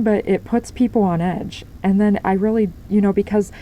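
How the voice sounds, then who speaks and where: A woman's voice: mid-range voice, steady tone, moderate pace, few pauses, warm tone, poor audio. A woman giving a spiritual tarot reading, talking in a rambling way with many fillers and restarts. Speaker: tarot reader.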